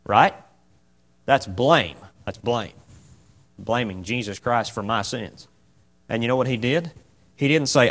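A man teaching an informal Bible class in a folksy, animated way, often asking the group questions. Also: medium pitch, takes it slowly, long pauses.

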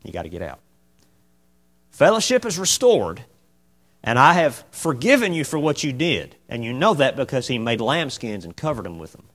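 A man teaching an informal Bible class in a folksy, animated way, often asking the group questions. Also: mid-range voice, moderate pace.

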